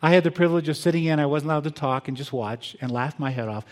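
An older man preaching a sermon as pastor, earnest and reflective, moving between quiet pauses and emphatic bursts. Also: fairly high pitch. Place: church sanctuary. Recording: long hall reverb.

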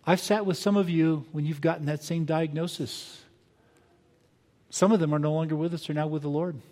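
Older pastor preaching in a reverberant hall. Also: male voice, a little high. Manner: earnest, reflective, shifting between quiet pauses and emphatic bursts. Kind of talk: sermon. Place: church sanctuary.

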